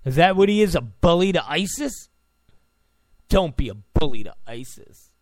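A man's voice: on the high side, big pitch swings, normal speed, no room sound. A man hosting a talk radio show, ranting in a sarcastic, mocking, abrasive tone.

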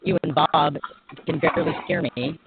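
A man's voice: on the high side, fairly even intonation, moderate pace, vocal fry. A man hosting a casual live stream, thinking aloud and laughing while he fixes his audio. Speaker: radio show host. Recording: tinny phone-like audio with faint noise.

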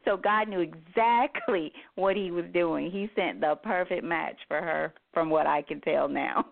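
A woman's voice: fairly low pitch, measured pace, vocal fry. A woman hosting a casual interview, speaking in a motherly way and laughing between thoughts. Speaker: host. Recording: tinny phone-line sound.

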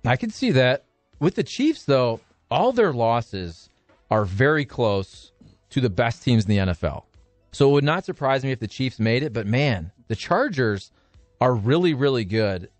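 Animated male co-host, dry sound. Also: mid-range voice, normal speed, dry recording, soft background music. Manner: animated, opinionated, fond of asides. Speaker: show co-host. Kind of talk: casual sports and pop-culture chat.

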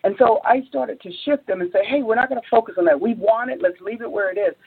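Sex: woman. Role: entrepreneur guest. Style: animated storytelling, acting out quotes. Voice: very husky. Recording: narrow, phone-like line. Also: fast. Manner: acts out quotes, climbs high when excited, many restarts.

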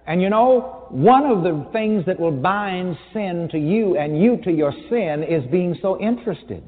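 A man's voice: a little high, animated, moderate pace, few pauses, crowd noise. A man preaching a sermon to an audience in a large hall, emphatic and wry, with a teasing edge. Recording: tinny phone-like sound with long hall reverb.

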